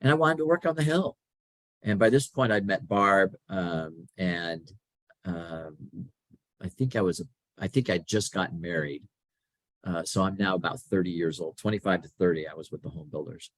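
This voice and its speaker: With a deep voice at normal speed, a middle-aged man appears as a podcast guest, casually recounting his career in conversational stories. He's animated, acting out the quoted lines, and the recording is dry.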